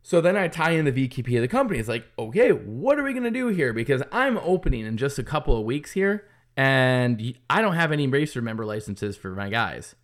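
A man's voice: medium pitch, big pitch swings, a little fast, fairly bright tone. Man venting, swearing through a heated story. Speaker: business owner opening a kart track. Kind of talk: casual venting monologue.

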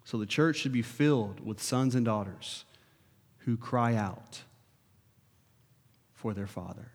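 Male preacher, mid-pitched, earnest sermon delivery with urgent rises, long church reverb. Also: slow pace, slightly rough. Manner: earnest, rising to urgent questions, dropping soft for prayer. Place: church sanctuary.

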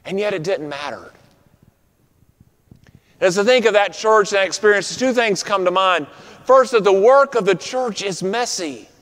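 A man with a fairly high voice preaches a sermon, building his points through rhythmic repetition and slowing down to land the key phrases. His voice carries a long reverb, as if it rises through a big sanctuary. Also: lively intonation, a bit bright. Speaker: pastor. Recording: long reverb of a large room.

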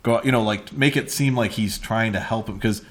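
A man's voice: on the low side, a little fast. A man co-hosting a casual movie podcast, asking questions and cracking jokes. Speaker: podcast co-host.

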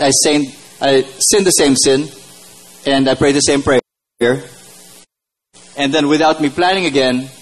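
Guy at church telling his testimony, mid-pitched voice, storytelling. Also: rough recording. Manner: storytelling, quoting his own prayers. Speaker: church speaker giving testimony. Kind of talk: testimony sermon.

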